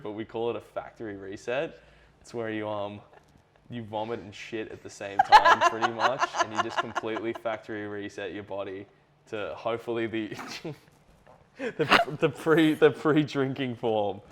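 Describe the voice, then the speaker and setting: A man's voice: fairly low pitch, sing-song, unhurried, a bit bright, slight background noise. A young Australian man chatting casually as an interview guest, laid-back, laughing often and swearing freely. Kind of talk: casual chat.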